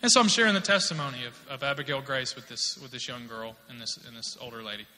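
Bright-voiced male preacher in a hall. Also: mid-range voice, fast. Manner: conversational storytelling, rising to emphatic exhortation. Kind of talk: sermon with personal testimony. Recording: long hall reverb.

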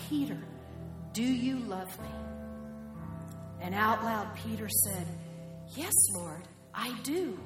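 A woman preacher telling a story in a sermon, acting out each character as she goes. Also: fairly high pitch. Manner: animated storytelling that acts out the quoted characters. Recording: echoey hall with music behind.

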